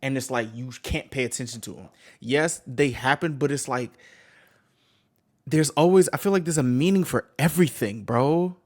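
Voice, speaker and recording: A man's voice: medium pitch, normal speed. Slangy man rambling at his viewers. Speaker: reaction streamer. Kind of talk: casual reaction commentary.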